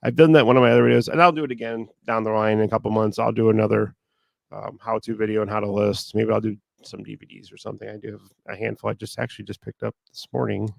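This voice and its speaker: A man with a gravelly, somewhat low voice talks in a flat monotone, a sore throat weighing on it. He rambles casually as he works at his computer. The sound is close and dry. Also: fast talker, dry recording. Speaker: online reseller. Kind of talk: casual talk while working.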